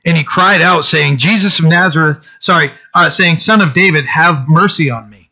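A man's voice: a little high, normal speed, bright, forceful tone, lo-fi sound. A man preaching a sermon, reading scripture and then urging his listeners with earnest, urgent appeals. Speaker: pastor.

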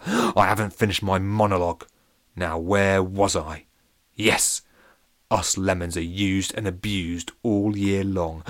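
A man's voice: on the low side, no echo, clean studio sound. A man playing a ranting villain lemon. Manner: ranting, sneering, theatrical. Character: scheming villainous male lemon, boastful tyrant.

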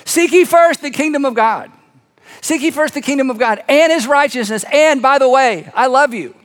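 A man's voice: extremely high pitch, moderate pace, voice pushed up. A man doing an earnest, patient teacher. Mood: reassuring. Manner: earnest, gently insistent. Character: patient male teacher calling disciples to serve. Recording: long reverb of a large hall.

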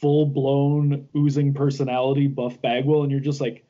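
A man on a podcast panel speaks haltingly, starting sentences over before he finds his point. His voice is mellow and dark. The audio is dull and lo-fi, like a remote feed. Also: medium pitch, monotone. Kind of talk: casual chat.

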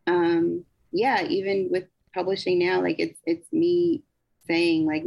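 Woman, poet, low-pitched, gravelly, candid, dull lo-fi sound. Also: level tone. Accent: African American Vernacular English in the poem. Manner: candid, laughing easily, slow deliberate reading. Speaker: poet and guest. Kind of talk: casual conversation and poetry reading.

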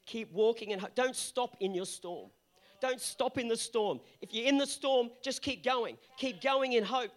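A man preaching a sermon as pastor, fired up and hoarse, repeating his refrains. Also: high voice.

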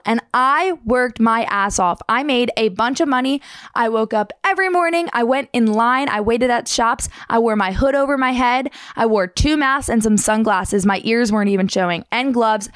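A woman's voice: on the high side, no room sound. Chatty young woman, dry close sound. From New Jersey, United States. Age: young adult. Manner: fast, chatty, animated storytelling with slang. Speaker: surfer telling her story. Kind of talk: casual storytelling to camera.

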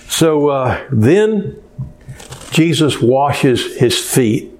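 Male pastor, sermon, unhurried delivery, folksy, rhetorical questions, mid pitch. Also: lively intonation, darkish tone.

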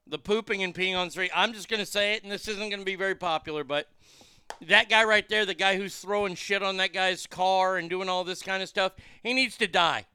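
A man rants through a crude, furious commentary from his car. His voice is high and gravelly yet bright and clean. It sounds very dry and close. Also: fairly even intonation, brisk, no echo. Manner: angry, crude, blunt, heated. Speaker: streamer reacting to a news clip. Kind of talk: profane ranting commentary.

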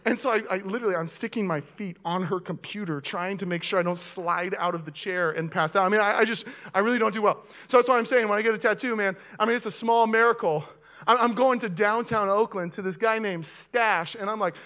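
A young man preaching as a pastor, telling a comic story to his church and getting loud and animated at the funny parts. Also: high-pitched, fast. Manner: animated storyteller, voice rising sharply with excitement. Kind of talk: sermon with a comic personal story. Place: church auditorium with audience.

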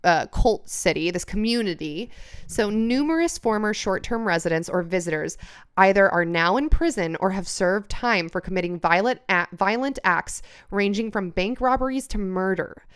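A woman with a smooth, clear voice at a middle pitch hosts a true-crime podcast. She reads researched passages aloud and breaks off for casual asides. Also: animated, normal speed. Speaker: podcast host. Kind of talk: casual true-crime chat, reading notes.

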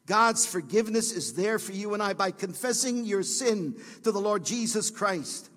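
A man preaches to his church, his voice sitting high for a man. He pulls the room in with quiet, low lines, then rises to loud, soaring cries. The sanctuary gives every phrase a long echoing tail. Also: animated, normal speed, hardly any pauses. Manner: preaching with swells from hushed lows to shouted peaks. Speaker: pastor. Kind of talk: sermon.

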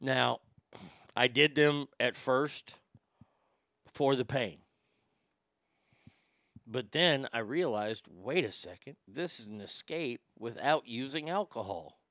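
A man's voice: medium pitch, expressive, takes it slowly, long pauses, sharp tone, dry recording, studio quality, heavily acted. A man playing a crude, brash middle-aged radio shock-jock who swears freely and rambles with tobacco in his mouth. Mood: rambling. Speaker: radio host. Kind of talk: comedic radio show monologue.

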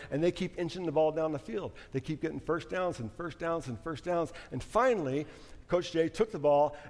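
Man, middle-aged, pastor, conversational sermon, fairly high voice, long hall reverb. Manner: conversational, anecdotal, animated in stories. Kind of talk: sermon with storytelling.

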